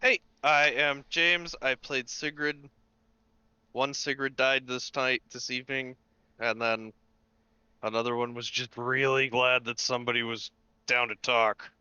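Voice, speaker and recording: Upbeat player man, sharp smooth voice, dull voice-chat sound. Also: medium pitch, flat delivery, a little slow, dry recording. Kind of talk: casual self-introduction.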